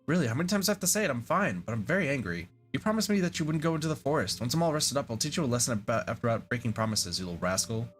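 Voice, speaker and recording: A wounded but brave young forest guardian woman, read aloud by a man in his own ordinary voice. She speaks plainly and steadily, at a middle pitch for a man. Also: sing-song, racing, few pauses, soft background music, natural voice. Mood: weary, reassuring. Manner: reading game dialogue aloud in own voice.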